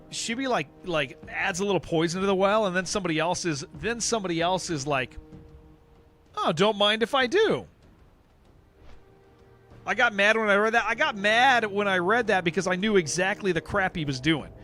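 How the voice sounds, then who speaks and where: Speaking in a high, slightly bright voice, a male livestreamer plays an online game. He rambles casually to his viewers, repeats himself a lot, and answers the chat.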